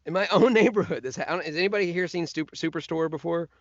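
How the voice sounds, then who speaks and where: A man's voice: fairly high pitch, quick pace, no echo, lo-fi sound. A man, a voice actor guest, telling stories in casual chat and slipping into other voices as he goes. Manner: animated, slips into voices and laughs while telling stories.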